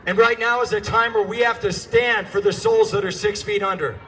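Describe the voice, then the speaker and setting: Man, rally speaker, high pitched, forceful, shouting, outdoors through a megaphone. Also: normal speed. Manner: fiery, sarcastic, often shouting to a crowd. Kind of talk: impassioned outdoor rally speech. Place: outdoors at a street protest.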